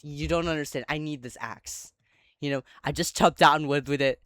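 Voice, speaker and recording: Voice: medium pitch, steady tone, moderate pace, a bit bright, no echo, studio quality, lightly acted. A casual narrator voicing a sheepish, defensive camper who brushes off worries with a chuckle. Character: calm axe-carrying camper, sheepish and defensive.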